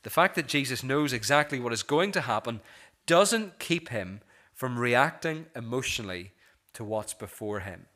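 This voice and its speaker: A male pastor preaching a sermon in an earnest way, slowing and softening on key phrases and often restarting with repeated words. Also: medium pitch, animated.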